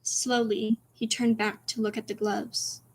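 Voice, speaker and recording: Female streamer, story read-aloud, hushed and whispery, chatty giggling asides. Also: on the high side, little pitch movement, unhurried. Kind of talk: reading her own story aloud on stream.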